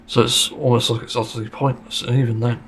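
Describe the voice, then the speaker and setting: A fast-talking man with a mid-range voice and a level tone hosts a casual solo podcast monologue over slight background noise. He speaks bluntly and frankly, swears plenty, and is sarcastic at times.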